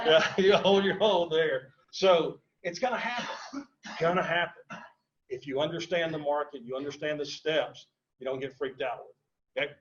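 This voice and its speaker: A man's voice: on the high side, normal speed, dull audio. Emphatic man teaching a seminar. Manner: storytelling, emphatic, repeats key points. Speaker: seminar speaker on real estate investing. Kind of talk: live seminar talk to a room and online audience. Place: seminar room with live audience.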